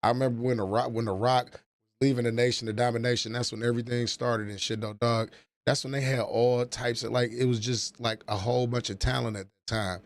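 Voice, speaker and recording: A man's voice: medium pitch, level tone, brisk, no room sound. A man in his forties chatting casually on a livestream, profane and rambling as he reminisces. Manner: profane, rambling, nostalgic storytelling. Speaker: livestream host.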